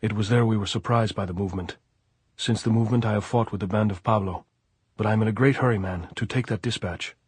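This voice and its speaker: A man voicing a young male Spanish guerrilla messenger who shouts and pleads urgently. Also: fairly low pitch, fast, husky, no echo. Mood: answering.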